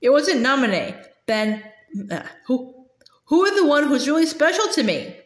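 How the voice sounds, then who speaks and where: A woman's voice: high-pitched, sing-song, moderate pace, echoey room. A woman voicing an earnest, kind-hearted teenage boy hero while reading a storybook aloud.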